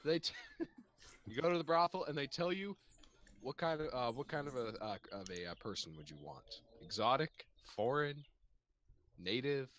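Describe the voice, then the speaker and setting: A man's voice: medium pitch, lively intonation, moderate pace, long pauses, a bit bright, slight background noise. A man narrating a tabletop game as game master, hesitant, with many fillers and frequent laughter.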